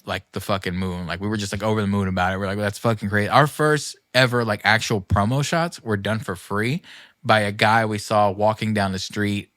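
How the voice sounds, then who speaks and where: A man's voice: on the low side, steady tone, a little fast, fairly bright tone, no echo, studio quality. A man hosting a casual podcast, rambling with lots of "like" and swearing freely. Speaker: podcast host.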